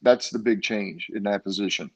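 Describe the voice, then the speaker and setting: A man's voice: fairly low pitch, moderate pace, darkish tone. An older man, a former ballplayer, recounting his career in a casual interview with many fillers and restarts. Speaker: guest, former baseball player.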